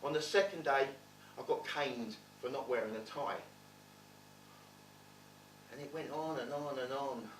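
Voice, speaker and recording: A man performing a stage monologue, playing a streetwise man telling his rough childhood with blunt, swearing wit. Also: medium pitch, measured pace, long pauses, slight background noise, lightly acted. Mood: wry. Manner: wry, blunt, swearing storyteller. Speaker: stage actor in a one-man play. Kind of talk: theatrical monologue storytelling. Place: theatre stage. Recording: roomy theatre, distant mic.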